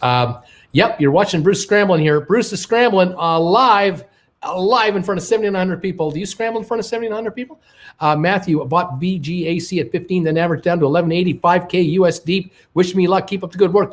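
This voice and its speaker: An older man hosting a live stock market stream, flustered and muttering to himself as he hunts for a message, thanking donors in a casual chat. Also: on the high side. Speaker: stock market livestream host.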